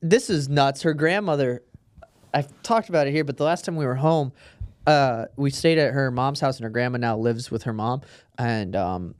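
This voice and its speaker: A man from a small town in Iowa, chatting on a comedy podcast with quick jokes and put-on quotes. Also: mid-range voice, clean tone, dry recording. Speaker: comedian guest. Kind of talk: casual podcast banter.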